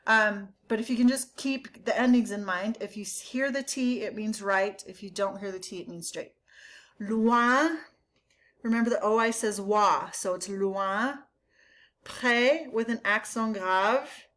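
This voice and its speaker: A woman teacher giving a recorded vocabulary lesson, explaining each word in English and slowly modeling its pronunciation. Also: mid-range voice, fairly bright tone. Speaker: French teacher.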